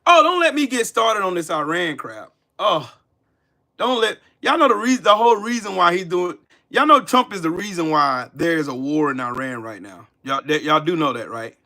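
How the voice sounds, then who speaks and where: A man's voice: sits high, expressive, moderate pace, bright, forceful tone. A man ranting on a livestream, profane and mocking, talking to his chat viewers by name. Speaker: political commentary livestream host. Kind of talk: casual livestream rant.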